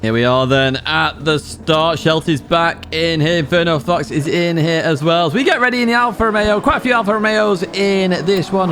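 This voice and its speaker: A man's voice: fairly high pitch, a bit bright. A man hosting a racing game guide, giving upbeat, instructive commentary with jokey asides. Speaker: gaming channel host. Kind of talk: race guide commentary over gameplay.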